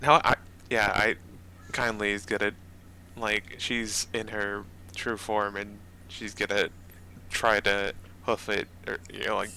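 A man with a bright, forceful voice fumbles through his plans for his character, stopping and starting again and again. His pitch is in the middle range for a man. Faint background noise sits behind him. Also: little pitch movement, measured pace, rough recording. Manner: rambling, hesitant, full of restarts. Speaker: player. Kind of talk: casual tabletop play.

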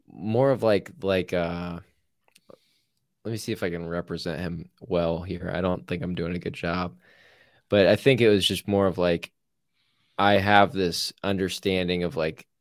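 Give me a very deep-voiced man chatting loosely on a podcast, dry close mic. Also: fairly even intonation, measured pace, no echo. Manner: laughs easily, rambling, says "you know what I mean?". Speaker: podcast co-host. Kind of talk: casual conversation.

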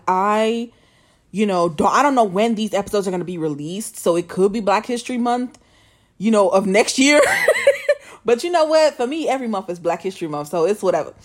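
A young woman hosting a solo podcast from the bed of her apartment, talking candidly, swearing freely and laughing often. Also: medium pitch. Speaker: podcast host. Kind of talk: casual solo podcast monologue. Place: apartment bedroom, working from home.

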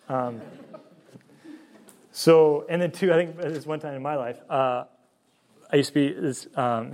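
A man speaks quickly at a middle pitch, giving a faith formation talk. He keeps it conversational, tossing in fillers and asides and acting out little bits of dialogue. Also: darkish tone. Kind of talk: casual sermon-style talk.

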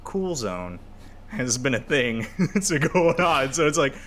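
A man's voice: mid-range voice, slow pace, a little hiss or hum. A man guesting on a podcast, chatting casually with lots of swearing and laughter. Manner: profane, laughing, animated storytelling. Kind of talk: casual chat.

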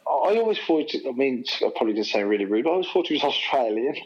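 A man co-hosting a casual film review chat, chatty and quick to agree. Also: mid-range voice, animated, highs cut off. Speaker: podcast co-host.

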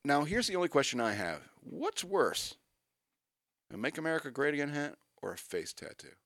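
A man's voice: a little high, sing-song, normal speed, fairly bright tone, dry recording, clean studio sound. A man hosting a radio show, reading news items aloud and adding wry, joking asides in casual banter.

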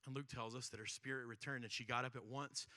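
A man preaching a sermon in a casual, conversational way, often checking in with "right?" and swinging between loud stretches and hushed ones. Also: medium pitch, steady tone, quick pace, dry recording, studio quality. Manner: conversational, keeps asking "right?". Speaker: pastor.

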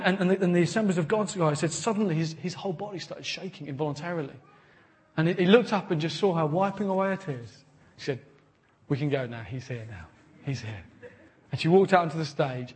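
Guy preaching, fairly high voice, earnest, keeps repeating words as he builds. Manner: animated storytelling with acted quotes. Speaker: pastor. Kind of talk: sermon.

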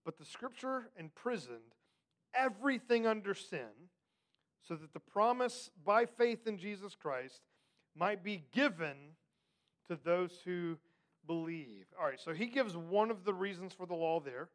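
High-voiced man teaching a Bible class. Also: animated. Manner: asks the class questions, emphatic and conversational; reads scripture slowly and deliberately. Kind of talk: Bible study lesson.

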